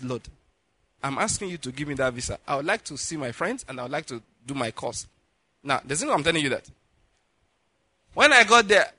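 This high-pitched male voice belongs to a preacher from Nigeria sharing a personal tale in his sermon. With no room sound at all, you hear him animatedly act out dialogue and break into laughter again and again.

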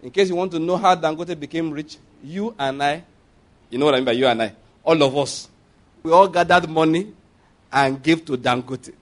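A man's voice: a little high, normal speed. A man with a Nigerian accent preaching a sermon in a conversational way, asking the congregation for responses and laughing at his own asides.

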